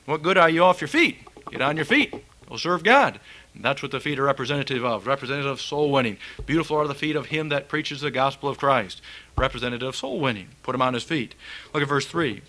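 A man's voice: on the high side, pushed and bright. A man preaching a fiery, folksy sermon and reading scripture aloud.

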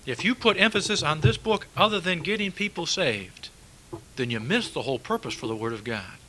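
A man's voice: on the high side, animated, fairly quick, sharp tone, a little hiss or hum, rough recording. A man preaching a sermon, emphatic, repeating key words and asking rhetorical questions.

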